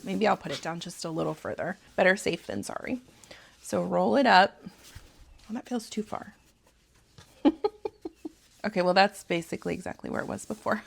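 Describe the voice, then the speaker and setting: A woman's voice: mid-range voice, a little fast, creaky, breathy edge. A woman in her thirties with a Southern US accent, hosting a casual sewing tutorial from her home sewing room, chatty and rambling with frequent laughs. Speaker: sewing channel host. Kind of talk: casual sew-along tutorial.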